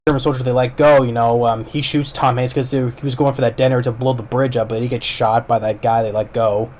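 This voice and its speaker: A man's voice: mid-range voice, flat delivery, a little fast, a little mellow. Man rambling through a casual movie review. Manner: rambling plot retelling with many fillers and restarts.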